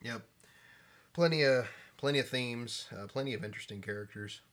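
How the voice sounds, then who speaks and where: A man's voice: mid-range voice, a bit bright. A man co-hosting a podcast, chiming in agreeably during casual chat. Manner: agreeable, quick to chime in. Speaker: podcast co-host.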